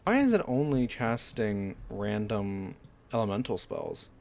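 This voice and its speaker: A man's voice: lowish voice, very animated, a little slow, creaky, darkish tone. A man streaming a game, talking to himself in casual commentary, frustrated and swearing often.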